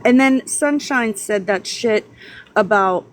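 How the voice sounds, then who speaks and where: A woman's voice: mid-range voice, slow. A woman hosting a live stream, chatting casually in a blunt, profane way. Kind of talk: casual chat.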